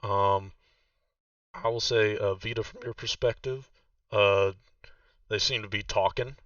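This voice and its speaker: A man's voice: fairly low pitch, a little slow, dry recording, distant mic, dull audio. A man narrating a tabletop game as game master, hesitant and full of fillers. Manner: hesitant, many fillers, relaxed.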